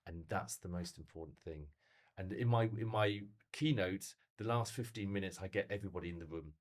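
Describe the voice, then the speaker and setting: Man, middle-aged, motivational speaker, storytelling, lower pitch. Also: a little fast. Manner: animated, storytelling, asks rhetorical questions. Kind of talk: conversational podcast chat.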